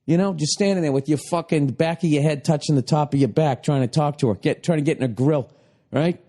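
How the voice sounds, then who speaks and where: A man's voice: on the high side, brisk, dark tone. A man with a Boston accent in a profane, mocking comedic rant, swearing and doing voices. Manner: ranting, swearing, mocking imitations. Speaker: comedian, podcast host.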